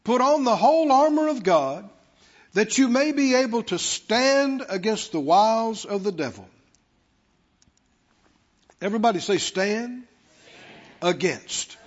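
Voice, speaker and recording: A male pastor preaches his sermon slowly and emphatically in a very high voice, repeating key words and drawing answers from the congregation in call-and-response. The sanctuary lends a long hall reverb, and the recording comes across as dull and lo-fi.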